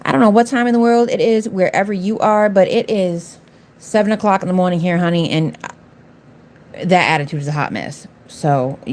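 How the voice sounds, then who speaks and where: A middle-aged nail artist works on nails during a livestream, chatting casually and bluntly and sassing the viewers in her chat. Her voice is lowish and darkish in tone, and she talks a little fast.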